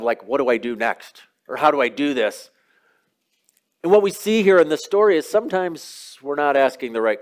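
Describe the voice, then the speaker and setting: Conversational male pastor preaching. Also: a little high. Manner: conversational, storytelling preaching with casual asides. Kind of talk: sermon.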